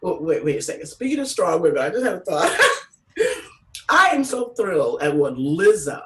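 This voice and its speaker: A woman comedian doing an animated stand-up storytelling set, salty and quick to act out other people's voices. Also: on the low side, far from the mic, a little hiss or hum, rough recording. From San Francisco Bay Area.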